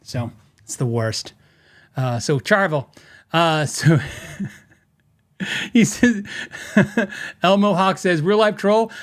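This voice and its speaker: Podcast host, middle-aged man, slightly high pitch, loose filler-heavy storyteller. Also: a bit bright. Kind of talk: casual chat.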